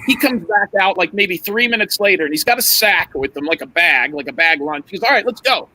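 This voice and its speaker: Man, casual podcast storyteller, profane and rambling, high bright husky voice. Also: brisk, dry recording, poor audio. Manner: animated, profane, rambling anecdotes.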